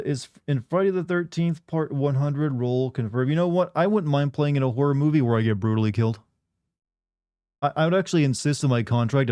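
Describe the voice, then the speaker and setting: Mellow-voiced sardonic male streamer. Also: mid-range voice, no echo. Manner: rambling, sardonic, many "like" fillers. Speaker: game streamer. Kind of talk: casual chat with stream viewers.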